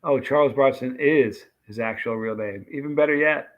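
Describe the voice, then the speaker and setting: A man's voice: mid-range voice, moderate pace. A man hosting a late-night livestream, casually chatting and thanking viewers by name as he reads their comments. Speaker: livestream host. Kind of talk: casual live chat reading comments.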